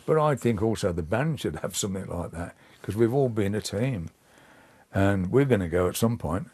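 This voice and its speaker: An older man, giving a hesitant, halting interview and often repeating words. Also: lowish voice, animated, a little mellow, slightly rough. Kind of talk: reflective casual interview.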